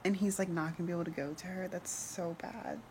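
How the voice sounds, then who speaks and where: A woman's voice: on the low side, steady tone, fast talker, a little mellow, a little hiss or hum. A young woman filming a casual book vlog, gushing and emotional, often laughing as she talks. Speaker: book vlogger. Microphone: camera mic.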